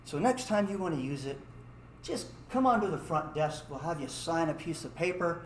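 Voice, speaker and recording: A man voicing a calm older hotel manager who speaks in a measured, fatherly way. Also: a little high, roomy sound, slight background noise, lightly acted.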